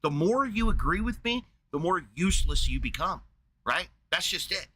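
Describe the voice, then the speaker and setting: A man's voice: high-pitched, very animated, normal speed, pushed and bright, slight background noise. A man streaming a casual, profane rant in a blunt, combative way.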